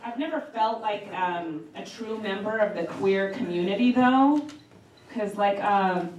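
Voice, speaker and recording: In a small club, a woman delivers a stand-up set of crude, brash jokes that build to punchlines, her mid-range voice a little slow and mellow. The mic sits back from her in an echoey room, so the highs are cut off, and the audience's laughter comes through.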